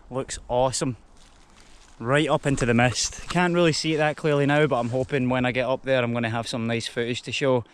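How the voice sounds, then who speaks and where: A young Scottish-accented man chats to the camera as he walks up a mountain trail, his medium-pitched voice clear and resonant. He's a hiking vlogger with Spanish heritage, though English is his first language.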